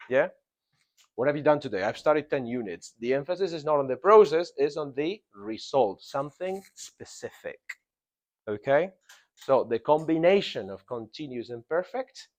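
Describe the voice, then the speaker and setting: A man's voice: fairly high pitch, darkish tone. A man teaching a grammar lesson to a class in a classroom. He stresses and repeats key words and keeps checking in with the students. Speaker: English teacher.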